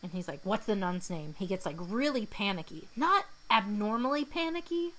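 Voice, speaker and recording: Speaking with lively intonation in a bright, medium-pitched voice, a young podcast co-host walks through a movie scene by scene at a moderate pace. She's chatty and slips into character voices for quotes, all on a low-quality recording.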